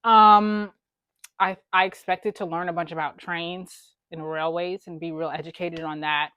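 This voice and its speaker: A woman hosting a casual music video reaction, excitable and teasing, exclaiming often. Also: lowish voice, unhurried, clear, resonant tone, no echo, muffled recording. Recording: faint music in background. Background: music video playing faintly.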